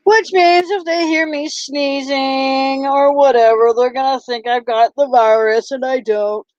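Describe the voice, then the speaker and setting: Halting woman, dull lo-fi sound. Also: high voice, steady tone, a little mellow, no room sound. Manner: halting, full of ums and restarts. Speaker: vlogger and bracelet seller. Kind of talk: casual chat to camera.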